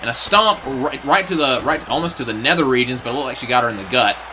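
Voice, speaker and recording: A young man calling a video game wrestling match play by play, animated, breaking into shouts at big moves and exasperated asides. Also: medium pitch, fast, noisy background. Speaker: play-by-play commentator.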